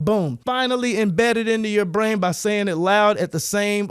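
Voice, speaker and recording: A man vlogger in a casual, emphatic rant that is full of profanity and loose asides. His voice sits fairly high for a man. The recording is dry and close, with little room sound. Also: clean tone, dry recording. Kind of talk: casual ranting monologue.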